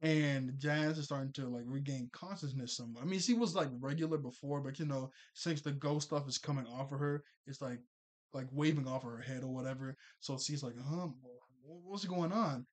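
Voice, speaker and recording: A young man casually recapping a cartoon episode, chatty and quick to laugh, full of fillers and restarts. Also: mid-range voice, fairly even intonation, a little mellow.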